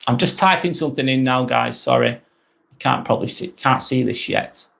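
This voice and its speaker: Male live vlog host, gravelly voice, casual chat to viewers while typing. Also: medium pitch, normal speed, fairly bright tone.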